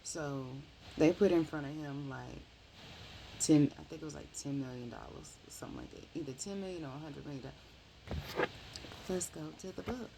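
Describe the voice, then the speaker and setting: Woman book reviewer, low gravelly voice, dark tone, rambling animated retelling with self-corrections. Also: normal speed, slight background noise, rough recording.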